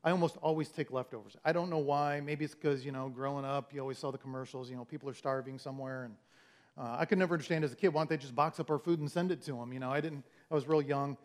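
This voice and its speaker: A man's voice: medium pitch, steady tone, fast talker. A man preaching a sermon in a conversational, storytelling way, often restarting his words and acting out the lines of others. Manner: conversational, storytelling with acted-out quotes. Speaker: pastor.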